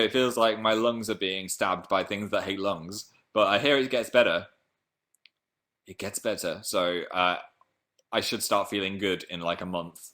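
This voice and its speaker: Rambling, jokey man on a livestream. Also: moderate pace. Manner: rambling, jokey, with sudden excited jumps in pitch and volume. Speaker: livestream host reading viewer comments. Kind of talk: casual chat.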